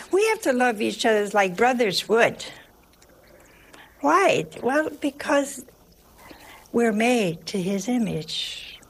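A woman giving a folksy sermon, telling humorous stories and dropping to hushed asides for emphasis. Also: mid-range voice, creaky, a little hiss or hum. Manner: humorous storytelling. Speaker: religious teacher.

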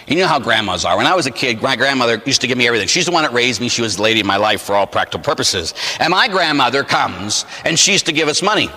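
Animated priest telling a funny story, bright voice, big reverby hall. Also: male voice, mid-range voice, fast, few pauses. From Pittsburgh, USA. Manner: animated and humorous, acts out scenes. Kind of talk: storytelling sermon.

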